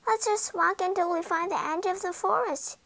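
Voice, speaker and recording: A woman voicing a frightened young girl in a read-aloud storybook, anxious and high. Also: moderate pace, vocal fry, a bit bright, heavily acted. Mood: hopeful.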